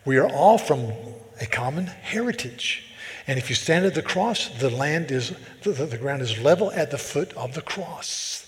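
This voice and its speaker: A man's voice: on the high side, animated, normal speed. A man from the American South, preaching a sermon as a pastor. He talks emphatically and repeats words as he builds a point. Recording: long hall reverb.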